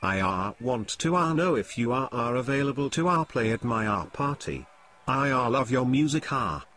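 A man's voice: mid-range voice, expressive, normal speed, a bit bright. Male actor doing a hokey French-accented Mario, heavy "ah" fillers. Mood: pleading. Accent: put-on French. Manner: stuffs "ah" between words. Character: man named Mario with a fake French accent.

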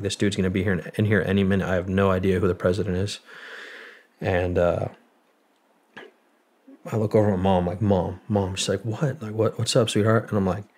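A man in his twenties, a Marine veteran guest, telling a story in a halting, profane way with many fillers. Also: low voice. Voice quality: gravelly, husky. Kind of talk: casual storytelling.

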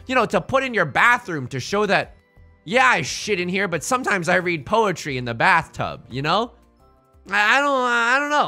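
A young man riffs loosely through a casual livestream, bouncing his pitch up and down as he jokes. His tone is bright and forceful, a little high for a man. He circles back and restarts sentences, dropping swears along the way. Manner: rambling, jokey, restarts phrases, swears. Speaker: streamer.

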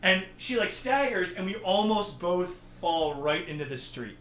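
A man hosting a casual stream, telling a story about himself in an animated, self-deprecating way. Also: high voice, a little slow, reverberant. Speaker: streamer host.

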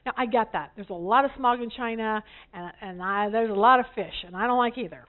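A woman teaching a women's Bible study group, an animated storyteller with self-deprecating humor. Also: on the high side, a little fast. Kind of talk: lively teaching talk to a group. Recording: tinny phone-like sound.

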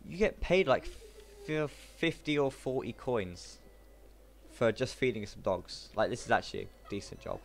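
A man chatting casually while co-playing a video game, excitable and quick to yelp and laugh. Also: mid-range voice, a little hiss or hum. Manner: excitable, yelps and laughs at mishaps. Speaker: gamer co-playing a prison game. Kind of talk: casual gaming chat.

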